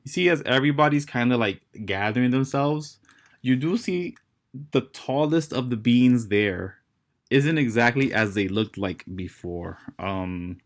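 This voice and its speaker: A man narrating as dungeon master, halting and restarting as he describes the scene. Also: mid-range voice, lively intonation. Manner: halting, many fillers and restarts. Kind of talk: narrating a tabletop game.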